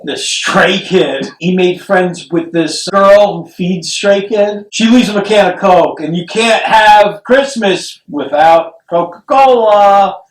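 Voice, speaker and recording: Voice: medium pitch, slow, few pauses. A podcast co-host riffing through a comedic movie review, sarcastic and laughing often. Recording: echoey room, distant mic.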